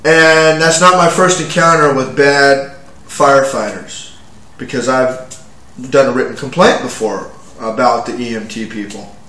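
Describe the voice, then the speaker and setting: A man's voice: medium pitch, sharp tone, reverberant, far from the mic, low-quality recording. Forties male, uneasy rambling storyteller, stumbling restarts, tense edgy tone. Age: 40s. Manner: agitated, halting, with many restarts and fillers. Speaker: vlogger telling his own story. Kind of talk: rambling first-person account.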